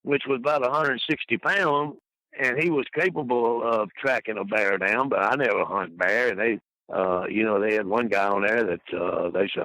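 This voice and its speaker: An older man rambling through a folksy anecdote as an interview guest, his voice bright and forceful. He laughs at his own stories, and the sound is dry and close. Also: on the low side, moderate pace, dry recording, poor audio.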